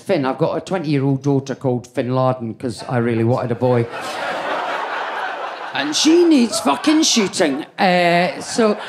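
A woman's voice: medium pitch, darkish tone. Brash sweary woman in her fifties. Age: 50s. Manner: brash, sweary and conversational with the crowd. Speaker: stand-up comedian. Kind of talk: stand-up comedy set. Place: comedy club stage. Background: audience laughter.

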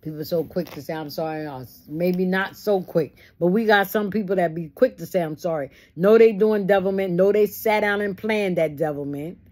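Lowish-voiced woman teaching Bible study. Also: moderate pace, few pauses, a little mellow. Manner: folksy, preachy asides, acts out quotes.

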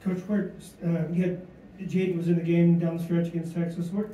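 Higher-voiced male reporter, stumbling. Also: little pitch movement, a little fast, mellow. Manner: stumbling, restarts question. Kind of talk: asking press questions. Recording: echoey room, distant mic.

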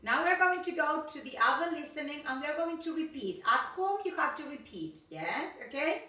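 A woman English teacher giving a recorded video lesson, slow and instructive, checking in with words like "okay?" and "yes?". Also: high voice, big pitch swings, bright, forceful tone. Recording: echoey room, mic far off.

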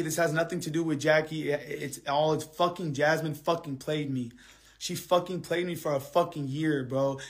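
Angry man ranting on a livestream. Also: on the high side. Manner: angry, heavily profane venting; repetitive, drops quiet then heats up. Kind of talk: live stream rant to viewers.

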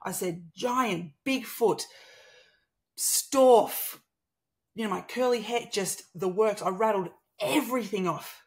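A guest in her thirties with an Australian accent recounts something personal in conversation, taking it slowly in a medium-pitched voice. She acts out the dialogue with animated energy.

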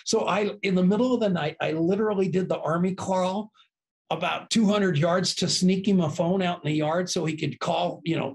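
An older man telling lively stories as a podcast guest, acting out the voices of the people in them. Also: on the high side. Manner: lively anecdotes, acts out quoted voices. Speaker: podcast guest, business co-founder. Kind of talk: animated storytelling.

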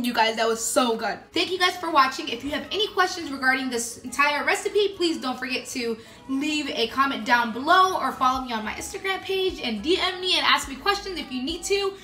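Young female food vlogger, high bright voice, gushing and chatty to camera. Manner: gushing, keeps saying "you guys". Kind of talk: casual recipe vlog chat.

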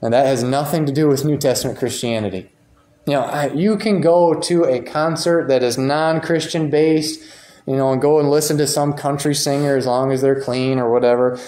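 A warm, mid-range male voice at a moderate pace leads a church Bible class, chatting through quotations he reads aloud and then discusses. The recording, made in a church meeting room, has a roomy echo.

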